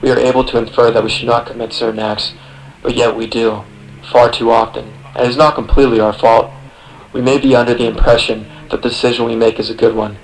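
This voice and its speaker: A man's voice: medium pitch, gravelly, slight background noise, poor audio. Sardonic young man narrating an essay. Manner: sardonic, profane, second-person address. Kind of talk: scripted voice-over narration.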